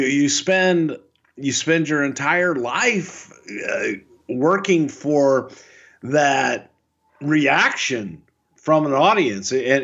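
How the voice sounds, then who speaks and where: A man co-hosting a podcast in casual banter, gruff and joking, swearing freely. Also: mid-range voice, lo-fi sound. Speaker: podcast co-host.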